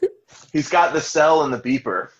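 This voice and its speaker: A man's voice: on the high side, normal speed, highs cut off. Profane man recapping a show. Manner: relaxed, profane, acts out quotes in bursts. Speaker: podcast host. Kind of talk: casual chat recapping a TV show.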